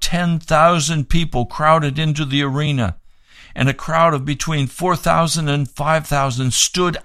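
A man's voice: mid-range voice, a bit bright, dry recording. Man, radio preacher, fervent, pleading, dry close sound. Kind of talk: reading aloud and fundraising appeal.

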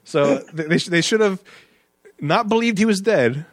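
Male podcast host, casual film chat, jokey and chuckling, a touch high-pitched. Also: expressive, moderate pace, no room sound, studio quality. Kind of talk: casual movie discussion.

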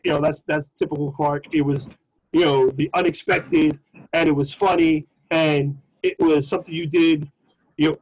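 A middle-aged man co-hosting a podcast tells a story in casual chat, lively and profane, and slips into the voices of the people he quotes. His voice sits high for a man and has a husky edge. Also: low-quality recording. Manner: animated, swearing, acts out quoted voices. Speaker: podcast co-host.

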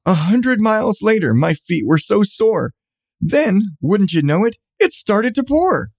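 A man's voice: sits high, sing-song, unhurried, no echo. A man reading a rhyming children's storybook aloud with a bouncy cadence.

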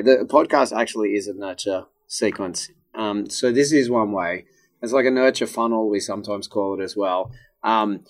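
A man co-hosting a business podcast in casual chat, easygoing and animated when he tells stories. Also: fairly low pitch. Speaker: podcast co-host.

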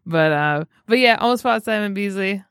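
A woman co-hosting a podcast in casual chat, telling animated stories and quoting people as she goes. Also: medium pitch, moderate pace, clean tone, no echo, clean studio sound. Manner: animated storyteller, quotes people. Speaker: podcast co-host.

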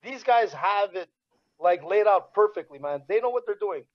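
High-voiced man on lo-fi remote audio. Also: moderate pace. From Montreal, Canada. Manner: animated, peppers talk with "man". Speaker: podcast co-host. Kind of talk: casual podcast chat.

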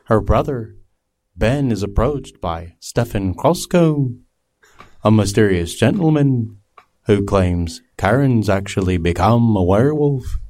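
Guy doing a rock star bit, low dark voice, chatty and mock-serious. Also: animated, slow, no echo. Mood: mock-earnest. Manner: chatty mock-earnest storytelling with asides. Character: impression of a famous British drummer reciting a plot summary. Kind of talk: comedy podcast impression.

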